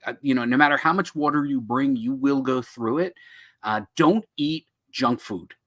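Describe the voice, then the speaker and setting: A middle-aged man from New Jersey with a bright, forceful voice at a middling pitch, chatting casually as co-host. He tells stories in a jokey, animated way. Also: normal speed. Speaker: co-host of a comics podcast. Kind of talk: casual chat.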